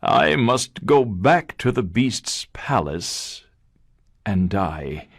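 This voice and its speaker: A man's voice: on the low side, big pitch swings, very slow, gravelly, husky, heavily acted. A man reading aloud and voicing a frightened, sad old father who pleads anxiously.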